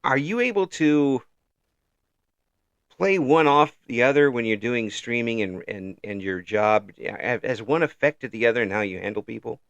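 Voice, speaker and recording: A man hosts a relaxed interview, talking haltingly with frequent restarts and easy laughs. His mid-pitched voice sounds bright and forward. The recording is close and dry. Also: vocal fry, no echo, highs cut off. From United States. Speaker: interview host. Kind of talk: casual interview chat.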